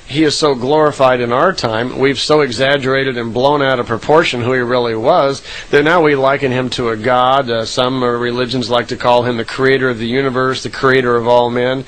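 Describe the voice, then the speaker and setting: A man's voice: medium pitch, fairly bright tone, low-quality recording. A man casually retelling a recorded account, rambling with frequent "uh" fillers and self-corrections.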